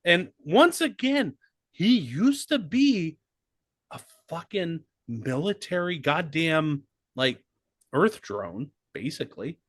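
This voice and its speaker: A man co-hosting a podcast in casual chat, emphatic and excitable, swearing freely. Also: a little high, takes it slowly, no echo. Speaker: podcast co-host.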